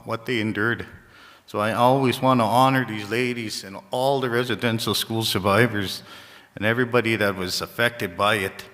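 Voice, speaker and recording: A man from Saskatchewan, a First Nations community leader, gives a halting, heartfelt ceremony speech, often repeating phrases. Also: medium pitch, a bit bright. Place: large gymnasium. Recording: echoey gymnasium reverb.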